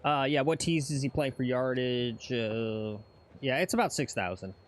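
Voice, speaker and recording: A man's voice: medium pitch, moderate pace. A man co-hosting a casual golf livestream, reading chat and teasing with mock announcer bits.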